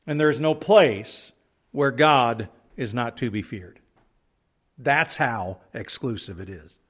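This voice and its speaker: A man giving an unscripted verse-by-verse Bible lesson, reading scripture aloud and explaining it with frequent restarts and "uh". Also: on the high side. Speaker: Bible teacher.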